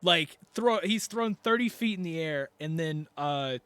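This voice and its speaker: A man's voice: a little high, animated, measured pace, pushed and bright, smooth, no echo. A man narrating a tabletop game as game master, rambling through the scene with many fillers and restarts.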